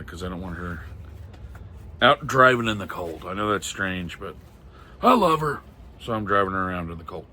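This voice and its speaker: This middle-aged man has a low voice with a sharp tone. A comic and pulp collector, he chats casually while showing off old pulp magazines, reading titles aloud and muttering wry asides.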